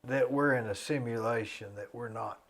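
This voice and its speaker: A man's voice: medium pitch, steady tone, normal speed. A man hosting a studio podcast, asking curious questions in a casual conversation. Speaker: host. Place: recording studio.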